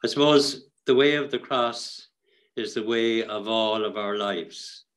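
Slow, measured Irish priest. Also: male voice, fairly low pitch, fairly bright tone, poor audio. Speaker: priest leading Stations of the Cross. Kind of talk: prayer meditation. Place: outdoors on a hillside.

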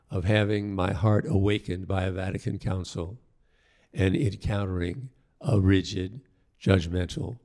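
An older man, a priest, telling stories from his past in a reflective, halting way and acting out the voices of the people he quotes. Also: fairly low pitch, vocal fry, mellow. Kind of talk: storytelling talk.

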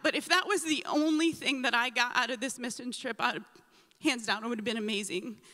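A woman sharing a mission trip testimony with a church congregation, animated and acting out her own reactions as she tells it. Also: high voice. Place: church sanctuary. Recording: long hall reverb in a church.

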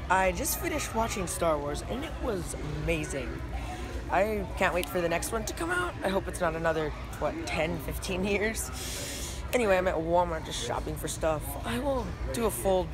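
A chatty, self-deprecating vlogger talking casually to the camera. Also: medium pitch. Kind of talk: casual vlog chat. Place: store, then at home.

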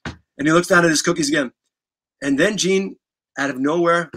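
Middle aged guy telling a wild story, high bright voice, lots of swearing. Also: fairly quick. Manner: vivid, profane, acts out scenes. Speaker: guest musician. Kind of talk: animated storytelling.

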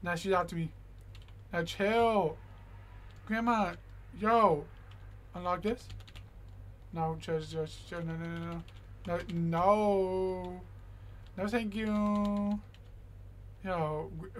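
A high-pitched young man giving casual gameplay commentary. He is excitable and fills his talk with "yo" and "bro." He repeats lines over and over and talks straight to the game character. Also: slow, pauses often. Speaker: gaming YouTuber.

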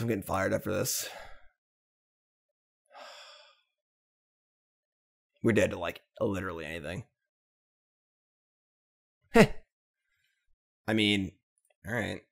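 Low, gravelly male host for casual card game commentary, slightly husky, theatrical in his gloom. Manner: mock-dramatic self-pity, then upbeat wrap-up. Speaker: Magic gameplay video host.

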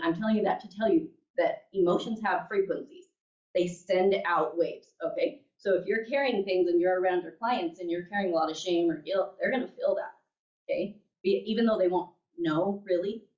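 A female class instructor with a mid-range, slightly mellow voice tells a story in a chatty way, repeatedly checking in with her listeners by asking "okay?" and "right?". The mic sits at a distance in an echoey room, and the sound is dull.

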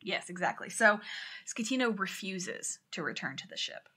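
Podcast co-host, woman, bright tone, lively storyteller who swears and shouts out quotes. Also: mid-range voice, moderate pace, breathy edge. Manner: animated, swears, acts out quotes loudly. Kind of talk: casual storytelling chat.

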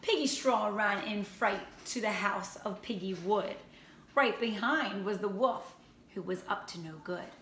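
Slow, bright-voiced woman teacher reading aloud. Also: mid-range voice. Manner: slow, expressive storybook reading. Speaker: first grade teacher. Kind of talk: reading a picture book aloud to children. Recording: roomy echo, faint ambient noise.

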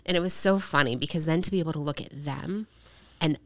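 A woman's voice: low-pitched, fast, fairly bright tone, no echo. A woman hosting a podcast, talking earnestly and chattily, often tagging her points with "right?". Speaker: podcast host. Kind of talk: casual conversational interview.

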